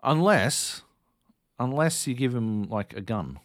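A man co-hosting a casual games podcast, joking and animated, swinging from low drawls to high exclamations. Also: takes it slowly, dry recording, studio quality. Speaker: podcast co-host. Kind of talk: casual chat.

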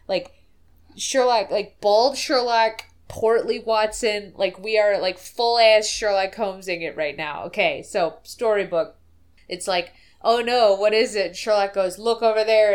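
A woman co-hosting a podcast in casual chat, retelling a scene with quick acted-out quotes. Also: mid-range voice. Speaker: podcast co-host.

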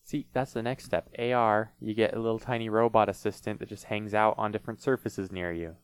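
A man co-hosting a casual podcast, thinking out loud and leaning on filler words. His voice is low-pitched, smooth and resonant. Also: fairly even intonation, brisk. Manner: musing, uses many fillers. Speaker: podcast co-host. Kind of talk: casual chat.

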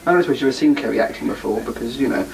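A man's voice: mid-range voice, animated, racing, gravelly, distant mic, low-quality recording. A man talking casually to his viewers as host, rambling and self-deprecating. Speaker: podcast host.

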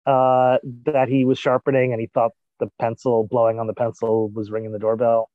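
A man co-hosts a podcast in a relaxed, rambling way, working his thoughts out as he speaks. His mid-range voice is recorded dry, with a slightly dull, lo-fi edge. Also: medium pitch, a little fast, dry recording. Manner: rambling, thinks aloud. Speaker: podcast co-host. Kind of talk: casual chat.

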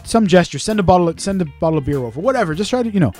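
Male podcast co-host, fast, mellow storyteller, casual and profane. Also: high voice, animated, faint music behind. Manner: fast, swearing storyteller who acts out quotes.

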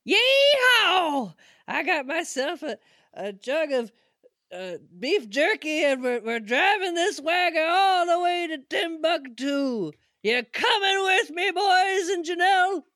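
A man's voice: very high voice, very animated, takes it slowly, bright, forceful tone, dry recording, studio quality, voice pushed up, full character voice. A man voicing an exuberant, whooping cowboy wagon driver. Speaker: player.

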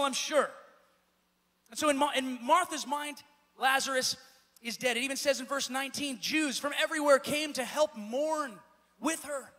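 A man pastor preaching a sermon in a church, with a repetitive, building cadence that rises to shouts. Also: extremely high pitch, brisk. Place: church sanctuary. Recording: echoey church hall.

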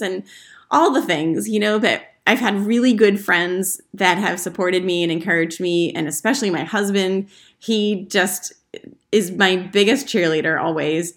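A woman's voice: medium pitch, unhurried, fairly bright tone. Woman podcaster rambling through her story, earnest and chatty, lots of you know and like. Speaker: podcast host. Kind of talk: casual solo podcast monologue.

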